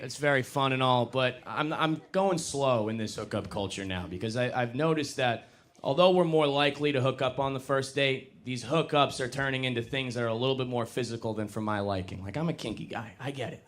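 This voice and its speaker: On a comedy club stage, a young man performs a stand-up set, animated and self-mocking, breaking into loud put-on voices. His pitch is medium and his pace brisk.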